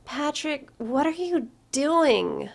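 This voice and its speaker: A woman voicing a peevish young woman lover who calls out shrill and exasperated from another room. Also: very animated, slow, creaky, exaggerated voice.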